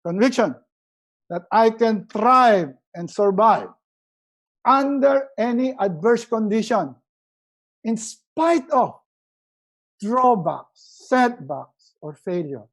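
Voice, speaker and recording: A man with a Filipino accent giving a motivational webinar talk as a resiliency coach, emphatic and repeating key words, often dropping his voice low and soft to stress a point. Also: expressive, takes it slowly, long pauses, poor audio. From Philippines.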